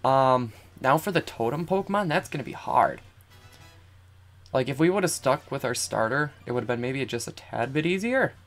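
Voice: mid-range voice, animated, moderate pace, soft background music. A young adult streamer giving casual, rambling commentary while playing a game, often breaking into giggles. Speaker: let's play streamer.

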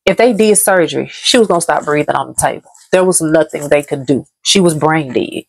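In an emotional story time on her vlog, a woman from Dallas, Texas recounts something painful, repeating herself under the weight of grief. Her deep voice is brisk, slightly rough, and marked by vocal fry, with no echo.

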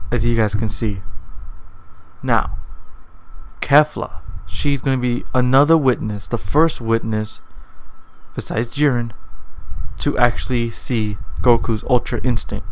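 A man's voice: medium pitch, clean tone, poor audio. A man hosting his own video, talking casually and rambling, often correcting and repeating himself. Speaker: anime video host. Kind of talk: casual commentary vlog.

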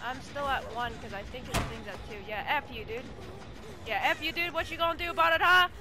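A man's voice: extremely high pitch, a little fast, over loud music. A young man playing a co-op horror game and talking through it, jumpy and panicky, swearing often. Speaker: gamer. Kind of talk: live co-op horror game play.

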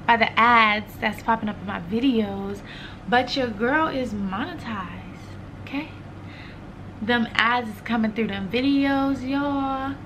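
A woman's voice: on the high side, fairly bright tone, a little hiss or hum. A woman hosting her own channel in a casual vlog chat, effusive and repetitive as she talks straight to her viewers.

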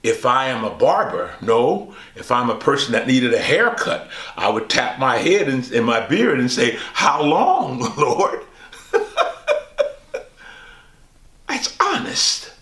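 Man, pastor, teaching Bible study, slow, bright voice, echoey room. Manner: animated, swoops high on quoted lines, says "y'all".

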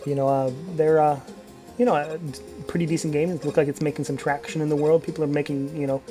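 A man's voice: on the high side, flat delivery, quick pace, dark tone, soft background music. Rambling, cursing young man commentating a game. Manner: rambling, profane, full of fillers and restarts. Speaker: let's play commentator. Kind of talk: casual gameplay commentary.

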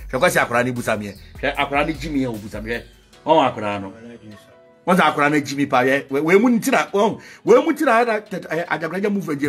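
A man with a Ghanaian accent, a spiritual leader preaching and promoting his products, singing out phrases and swinging from loud shouts to low murmurs.

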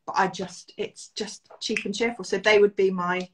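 A woman's voice: mid-range voice, fairly even intonation, moderate pace, fairly bright tone, slight background noise. A middle-aged British woman, a guest in a casual beauty chat, enthusiastic and self-deprecating, laughing often.

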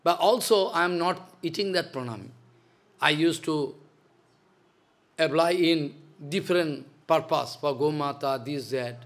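A man's voice: fairly high pitch, measured pace, a bit bright. A man, a spiritual teacher giving a devotional lecture in a stern, scolding manner, repeating his points. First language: Bengali.

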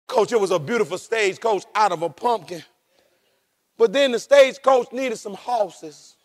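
A male pastor preaching a sermon. He tells the story with lively energy, laughs as he goes, and swings between shouting and dropping his voice low. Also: normal speed. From rural United States.

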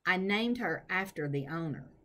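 A woman's voice: on the low side, lively intonation, moderate pace, fairly bright tone. A woman doing a shy mumbling shop clerk. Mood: hesitant. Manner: mumbling, hesitant. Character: quiet shy man pet-shop clerk. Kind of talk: storybook reading.

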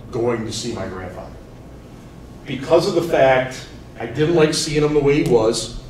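A teacher in his forties telling personal stories to students in an animated way, swinging from loud to soft. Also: mid-range voice. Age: 40s. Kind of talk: storytelling talk to students. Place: school hall. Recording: echoey room, mic far off, faint noise.

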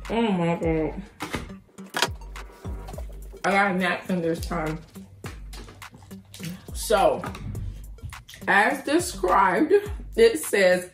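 An excitable, chatty woman doing a casual mukbang-style cookie review for her viewers. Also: mid-range voice. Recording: roomy echo with faint music.

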